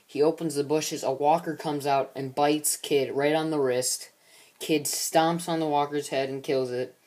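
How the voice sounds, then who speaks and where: A man's voice: fairly high pitch, steady tone, a little slow, a little mellow. A man casually recapping the plot of his own film series, rambling with many fillers and restarts.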